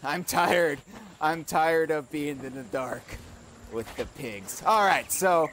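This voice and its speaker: A man on a comedy podcast, riffing as a pirate in a stammering, rambling way. His voice sits a touch higher than most men's. Faint ambient sound runs behind him. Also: slow, a bit bright, slight background noise. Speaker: podcast host. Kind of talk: improvised comedy banter in a pirate persona.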